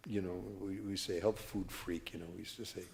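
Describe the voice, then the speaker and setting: In a mosque hall with long reverb, a Californian man in his seventies leads a workshop through storytelling that wanders into tangents and keeps restarting. He speaks a little fast in a deep, steady, creaky voice with a darkish tone, and a faint hiss or hum sits under the recording.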